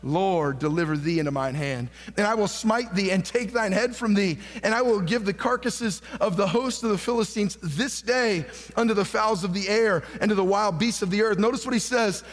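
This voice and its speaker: A man's voice: sits high, normal speed. A male pastor preaching a sermon, reading scripture aloud and calling questions out to the congregation, building to fervent emphasis. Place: church sanctuary. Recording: long hall reverb.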